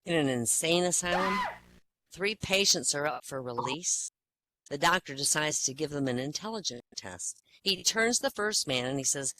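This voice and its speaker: Animated male joke teller. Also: fairly high pitch, normal speed, poor audio. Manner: animated, acting out each character. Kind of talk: stand-up joke telling.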